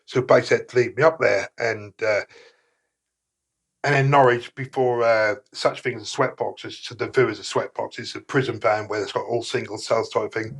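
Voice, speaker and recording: A middle-aged man, a podcast guest telling rough stories casually, rambling and swearing with many fillers. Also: medium pitch, fairly even intonation, normal speed, a bit bright. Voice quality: gravelly, husky. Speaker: guest, former prisoner. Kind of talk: casual storytelling in a podcast interview.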